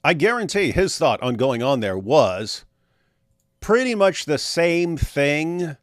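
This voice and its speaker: A man's voice: on the high side, very animated, slow, dry recording, clean studio sound. A male show host chatting casually on a livestream, jokey and rambling. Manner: jokey and rambling, breaks into silly voices.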